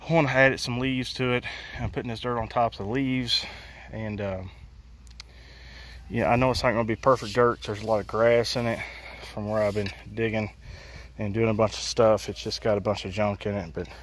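A man talking casually while working in his backyard garden, folksy and blunt with some mild cussing. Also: on the low side. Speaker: homesteading vlogger.

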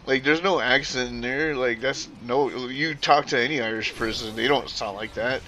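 A man's voice: mid-range voice, normal speed, hardly any pauses, bright, forceful tone, slight background noise. A man streaming while gaming, rambling in casual chat with lots of fillers and casual swearing.

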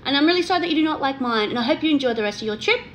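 A woman's voice: high voice, lively intonation, very fast, lo-fi sound, a little hiss or hum. A woman with an Australian accent hosting a gossip vlog, chatty and sarcastic, often asking "you know what I mean?". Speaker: gossip channel co-host. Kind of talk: casual chat to camera.

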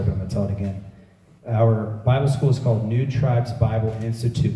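A middle-aged man preaching a sermon, telling stories and acting out quotes with lively emphasis. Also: fairly low pitch. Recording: echoey room heard from a distance.

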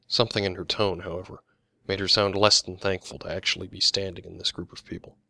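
A man narrating his own mystery novel as an audiobook, in a steady, plain storytelling manner. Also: deep voice, fairly quick, vocal fry, breathy edge, no room sound, clean studio sound.

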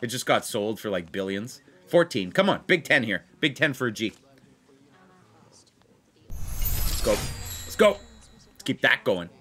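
A casual, excitable man chats as he plays blackjack, calling out to his viewers and repeating his excited remarks. His pitch rises and falls widely as he talks. He stays at an ordinary, middle pitch for a man. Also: a little fast. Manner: excitable, repeats himself, addresses viewers as players. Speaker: blackjack video host. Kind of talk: casual chat while playing blackjack.

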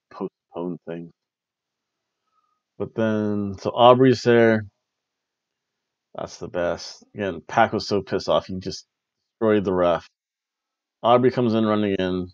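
A man hosting a wrestling review podcast, recapping a show in casual chat and slipping into quick mimicry of wrestlers. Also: fairly low pitch, no echo, lo-fi sound. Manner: animated, mimics wrestlers and announcers in quick asides.

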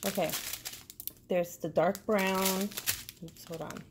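A woman's voice: mid-range voice, steady tone, slow. A woman vlogger chatting casually through a crafting unboxing, rambling along with lots of fillers. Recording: loud crinkling packaging noise.

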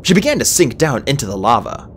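Expressive low-voiced woman narrating a story. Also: quick pace, a little hiss or hum. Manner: expressive, swings pitch widely. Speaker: audiobook narrator.

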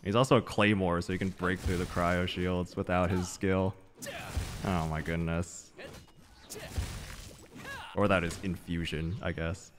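A man's voice: low-pitched, level tone, measured pace, long pauses. A tired man giving live gameplay commentary as a channel host, ranting in frustration and swearing.

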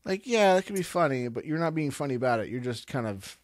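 A man's voice: medium pitch, animated, fast, dry recording, clean studio sound. A man hosting a podcast in a loose, rambling way, restarting his sentences as he thinks. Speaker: podcast host. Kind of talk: casual podcast chat.

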